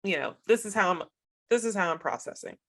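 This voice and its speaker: A woman co-hosting a podcast in casual chat, reflective and gently self-deprecating. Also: medium pitch, lively intonation, fast talker. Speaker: podcast co-host.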